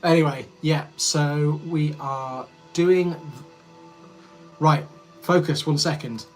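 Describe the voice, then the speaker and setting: A man in his thirties from Yorkshire chats loosely on a livestream, answering comments and drifting off while he edits. His voice sits a little on the high side. Faint music plays behind him. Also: fairly even intonation, takes it slowly, a little mellow. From Yorkshire, England. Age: 30s. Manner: rambling, friendly, easily distracted while editing. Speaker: streamer. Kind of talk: casual livestream chat reading comments.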